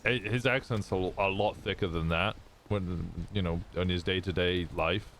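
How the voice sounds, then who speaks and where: A man's voice: deep voice, fairly even intonation, moderate pace, fairly bright tone, a little hiss or hum. A man streaming, chatting casually, rambling and swearing freely as he thinks aloud.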